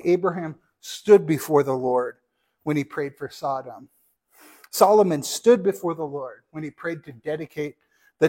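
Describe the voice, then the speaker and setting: Male pastor delivering a sermon, earnest and teacherly, asides to the congregation, voice pitched slightly high. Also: darkish tone.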